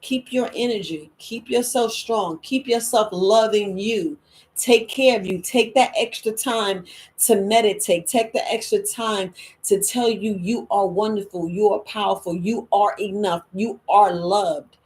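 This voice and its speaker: A middle-aged woman, hosting a wellness podcast in a lively, emphatic monologue. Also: unhurried. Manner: lively and emphatic, with quoted voices and sudden high exclamations. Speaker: herbalist and podcast host. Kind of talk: casual spoken monologue.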